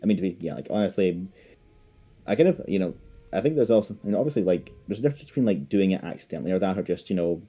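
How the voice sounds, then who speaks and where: A man's voice: deep voice, animated, fast talker, mellow, slightly rough. A man chatting on a podcast, rambling and hesitant with frequent laughs. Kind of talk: casual podcast chat.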